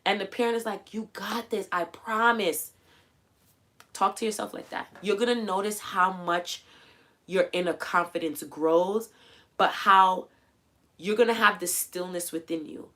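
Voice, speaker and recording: A woman hosting a livestream, coaching viewers in a casual, animated way and acting out quoted voices as she goes. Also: medium pitch, normal speed. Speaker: livestream host. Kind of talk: casual motivational livestream talk.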